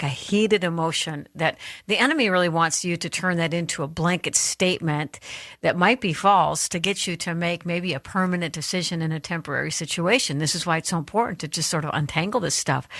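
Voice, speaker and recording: A woman's voice: fairly low pitch, fairly bright tone, dry recording, clean studio sound. A woman hosting a radio interview, affirming her guest and speaking directly to listeners. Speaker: radio show host.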